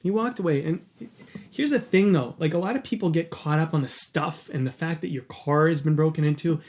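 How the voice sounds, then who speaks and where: A man's voice: a little high, brisk, a little mellow. A man hosting a podcast, telling a personal story in an earnest, candid way and swearing casually. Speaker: podcast host.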